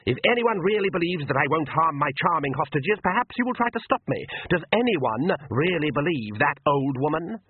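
A man's voice: fairly high pitch, sing-song, normal speed, hardly any pauses, phone-quality sound, a little hiss or hum, voice pushed up. A man voicing a scornful, menacing male vampire count with a raised, commanding voice. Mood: sneering. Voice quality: sneering, commanding.

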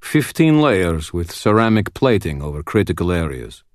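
A sober knight speaks in short, clipped answers with a deep voice, as a male audiobook narrator puts him on. The sound is close and dry, with no room around it. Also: big pitch swings, moderate pace, dry recording. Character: stoic Russian male knight, sober and blunt.

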